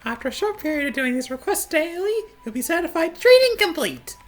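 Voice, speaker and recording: A woman voicing a pushy, witchy woman who runs a request center, in a sharp, shrill put-on voice for a video game playthrough. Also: very animated, a little fast. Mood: insistent. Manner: nagging, insistent.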